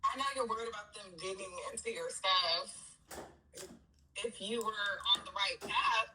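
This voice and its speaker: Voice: medium pitch, bright, forceful tone, slight background noise, rough recording. A person asking pointed, challenging questions on a live stream.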